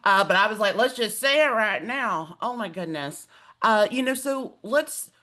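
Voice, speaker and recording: A woman hosting a webinar in a casual, animated way, telling a personal story with lots of fillers. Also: medium pitch, moderate pace. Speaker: host.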